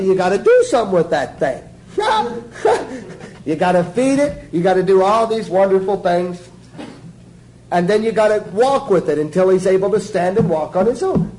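A man's voice: sits high, dark tone, a little hiss or hum, rough recording. A man preaching an informal sermon in a folksy, joking way, often asking his listeners questions. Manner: folksy, jokey, asks the audience questions.

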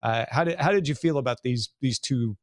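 A man hosting a casual talk show, leading the discussion with quick asides and questions to his co-hosts. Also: mid-range voice, no echo, clean studio sound. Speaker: podcast host. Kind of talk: casual chat.

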